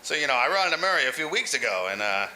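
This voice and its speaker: Man, crude rambling comedian, very bright tone, a bit high, faint hiss. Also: big pitch swings, racing, rough recording. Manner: crude, laughing through his own jokes. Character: lounge comedian claiming eighty-five years. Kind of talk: rambling comic monologue.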